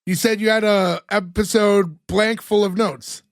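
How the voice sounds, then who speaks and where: A man's voice: high voice, fairly even intonation, unhurried, dry recording. A man who co-hosts a podcast, casually recapping a sitcom episode and laughing often as he acts out lines.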